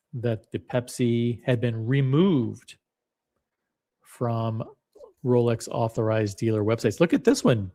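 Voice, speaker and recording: His voice is medium-pitched and mellow. He's a watch channel host who browses on screen, reading listings aloud with wry musing as part of a casual screen-share.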